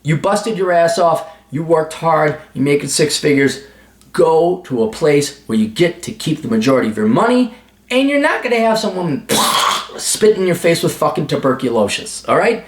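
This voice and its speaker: A man's voice: a little high, sing-song, normal speed, reverberant. A man hosting an advice video, giving blunt, profane, sarcastic answers in a ranting monologue. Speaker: advice show host.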